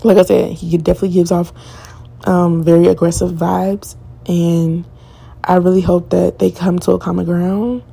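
With a husky, gravelly warmth to her somewhat low voice, a young woman in her twenties addresses viewers directly as she recaps a reality show. Her take is candid, slangy and opinionated, her delivery flat and moderately paced.

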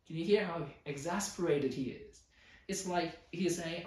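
Pastor guy preaching, kinda high voice, echoey room, mic a bit far off. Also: moderate pace. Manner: explanatory, lively emphasis with mock boastful asides. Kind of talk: sermon.

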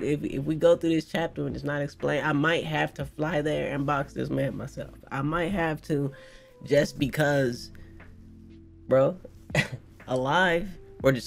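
A young man hosting a casual manga reaction, excitable, slangy and profane as he riffs to his viewers. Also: on the high side, moderate pace, vocal fry, faint music behind. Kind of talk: casual live reaction commentary.

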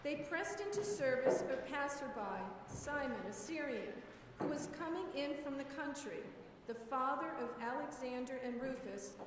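A woman lector reading scripture at Mass in a measured, steady proclaiming manner. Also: sits high, slight background noise. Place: large church. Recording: echoey church from far off.

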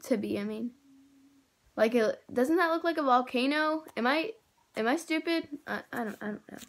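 A teenage girl casually unboxing squishy toys, gushing and excitable, rambling with many fillers. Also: sits high, moderate pace. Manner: gushing and excitable, with gasps and squeals; rambling, with many likes and self-corrections. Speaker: squishy toy haul vlogger.

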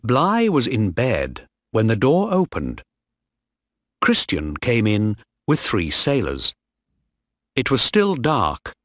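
A man narrating a story slowly and clearly for English learners. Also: medium pitch, wildly swooping pitch, dry recording, clean studio sound. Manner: slow, clear reading.

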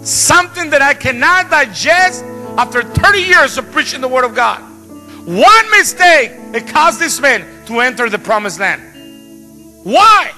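A middle-aged male pastor telling stories in a sermon, animated with playful asides. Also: extremely high pitch, measured pace. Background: piano music.

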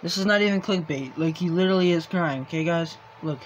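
A man's voice: fairly high pitch, quick pace, lo-fi sound, slight background noise. A young man vlogging at home, filming his pet on a phone and pleading with viewers in a teasing, then soothing way. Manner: pleading and teasing, drops to soft soothing tones. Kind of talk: casual vlog talk to viewers.

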